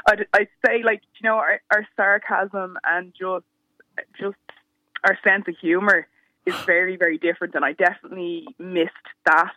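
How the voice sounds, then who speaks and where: A woman's voice: fairly low pitch, flat delivery, moderate pace, sharp tone, no echo. A woman telling stories as a guest on a radio panel, chatty and self-mocking. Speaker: panel guest, presenter and activist. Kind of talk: casual chat on a radio panel. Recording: tinny phone line.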